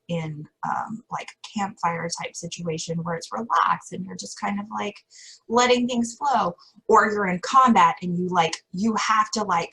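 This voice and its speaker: The poor-quality audio captures a middle-aged woman's medium-pitched, somewhat bright voice as she guests on a podcast. Her casual interview chat rambles, full of self-corrections and frequent laughter.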